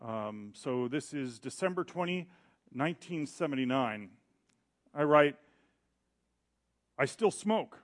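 A middle-aged male pastor preaching a sermon in an animated way, acting out quoted voices. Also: mid-range voice, slow pace, long pauses.

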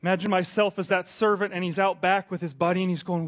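Delivering a sermon in a chatty way, this pastor in his thirties speaks fast with a high, level-toned voice. He trips over restarts and lurches from quiet asides to loud bursts.

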